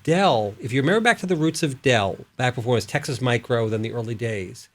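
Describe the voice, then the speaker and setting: A man's voice: mid-range voice, animated, a little fast. A man speaking as a guest on a studio panel, explaining things with a story. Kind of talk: panel discussion.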